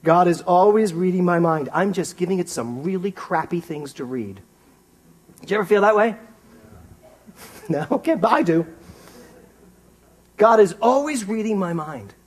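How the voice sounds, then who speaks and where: Husky-voiced man giving a lively sermon. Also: high voice, moderate pace, pauses often. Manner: animated, rising to excited emphasis; asks the congregation questions. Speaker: minister. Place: small theater before a congregation.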